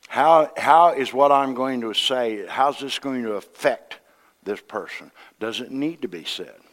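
A middle-aged man, an associate minister, preaching a sermon with folksy humor, acting out dialogue and swinging from hushed tones to loud outbursts. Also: mid-range voice, unhurried. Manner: acts out dialogue in quoted voices.

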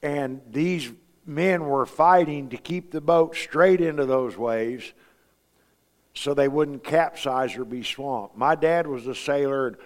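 A man's voice: medium pitch, slow pace, long reverb tail. A man preaching a sermon in a folksy, storytelling way, asking his congregation rhetorical questions. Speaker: pastor.

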